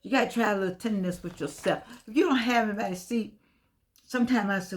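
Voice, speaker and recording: A woman's voice: fairly high pitch, fast. An older woman talking casually to camera from her home, chatty and repetitive, calling her listeners "baby". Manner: chatty, repeats phrases, calls listeners "baby". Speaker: vlogger.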